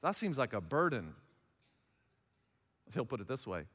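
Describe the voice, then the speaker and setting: Conversational pastor preaching in a reverberant hall. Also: male voice, mid-range voice, very animated, measured pace, fairly bright tone. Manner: conversational, acts out little dialogues in other voices. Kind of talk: sermon.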